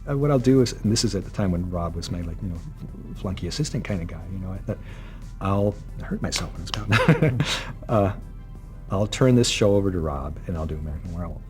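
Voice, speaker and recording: Deep voiced guy rattling off stories fast, acting out the other voices. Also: faint music behind. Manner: animated, acts out quotes. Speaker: makeup artist interviewee. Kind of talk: interview storytelling.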